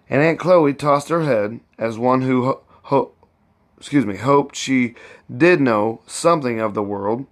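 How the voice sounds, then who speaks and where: A man reading a novel aloud at a slow, careful pace. He is an amateur who halts at times and corrects his own slips as he goes. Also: mid-range voice. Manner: halting, with slips and self-corrections. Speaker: amateur reader.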